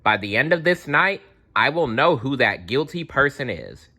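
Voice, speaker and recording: Storybook detective, pompous and bumbling, lively bright tone, as a reader puts him on. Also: male voice, medium pitch, moderate pace, pitched above the performer's own voice, exaggerated voice. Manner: grand and self-important.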